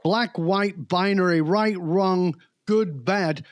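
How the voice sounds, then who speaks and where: A man talking as a podcast guest, animated, slowing down to hammer key words and mimicking other voices. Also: high-pitched, dry recording, studio quality. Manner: animated storyteller who mimics accents and voices; slows down to stress key words. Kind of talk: casual conversation.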